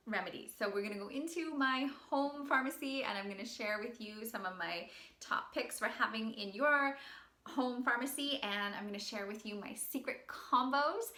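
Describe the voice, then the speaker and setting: A woman's voice: a little high, sharp tone. A woman hosting her own channel, giving upbeat advice straight to camera and laughing often between points. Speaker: channel host and wellness practitioner. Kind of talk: direct-to-camera advice talk. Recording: echoey room.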